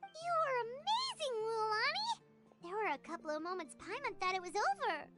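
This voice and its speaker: A woman voicing a tiny, excitable, girlish floating companion in game dialogue, chirpy and fretful, who calls herself by her own name. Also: very high-pitched, moderate pace, faint music behind, heavily acted.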